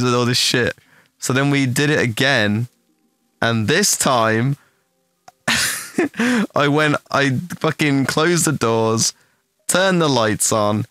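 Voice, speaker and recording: A man's voice: medium pitch, no room sound. Profane young man telling a story. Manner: profane, animated anecdote with acted-out quotes. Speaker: streamer. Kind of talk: casual storytelling to stream chat.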